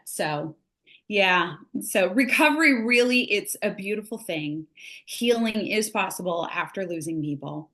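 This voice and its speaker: A middle-aged American woman talking in an easy, conversational way, earnest and patient as she works through an idea. She speaks at an ordinary pitch and often acts out small examples to make her point land. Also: expressive, a little slow, pushed and bright. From United States. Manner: earnest, explains with acted-out examples. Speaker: grief recovery specialist. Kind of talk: casual podcast conversation.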